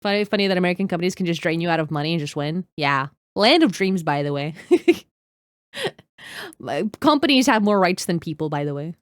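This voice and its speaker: A woman's voice: lowish voice, animated, a little fast, smooth, no echo. Fired-up young woman streamer, dry sound. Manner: heated, swearing, greets chat by name. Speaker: streamer reacting to a video. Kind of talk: casual live-stream reaction.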